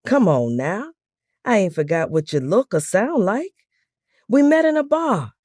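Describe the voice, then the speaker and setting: A woman voicing an eager middle-aged man who talks loud and fast and pleads in a rambling way. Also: a little high, lively intonation, no echo, clean studio sound, pitched above the performer's own voice.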